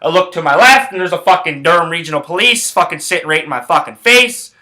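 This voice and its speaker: A man's voice: a little high, fast talker. Swearing young man telling a wild story. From Canada. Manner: profane, rambling, animated retelling. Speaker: podcast host. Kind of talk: casual storytelling.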